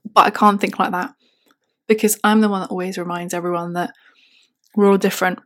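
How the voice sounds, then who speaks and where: A woman's voice: fairly low pitch, little pitch movement, fast, a bit bright. A woman hosting a reflective solo podcast who speaks with a slight non-native accent, earnest and self-encouraging, at times quoting her own doubts to herself. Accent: slight non-native English accent. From outside the UK, moved to the UK young. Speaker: podcast host. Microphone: simple computer microphone.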